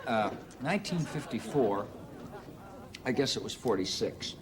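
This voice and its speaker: A man telling a comic anecdote on stage in an unhurried, halting way with plenty of "uh"s. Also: mid-range voice, animated, very noisy. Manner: unhurried, halting delivery with many "uh"s. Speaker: stand-up storyteller. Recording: live audience laughter and band music.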